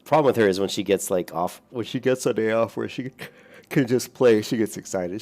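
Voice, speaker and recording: Gravelly low-voiced man rambling while gaming. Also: a little fast, darkish tone. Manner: rambling, swears casually, chuckles often. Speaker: gaming streamer. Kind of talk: casual gameplay chat with viewers.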